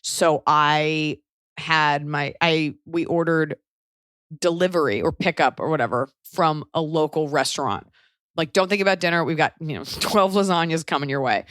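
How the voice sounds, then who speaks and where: A woman hosting a podcast, giving blunt, profane, animated advice in casual chat. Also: deep voice, moderate pace, no echo, clean studio sound. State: pregnant. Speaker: podcast host.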